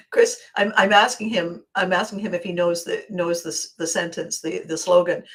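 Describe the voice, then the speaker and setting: A woman hosting a show, talking casually in an expressive, emphatic way with wide swings in loudness. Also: on the low side, a little fast. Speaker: host. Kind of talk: casual monologue.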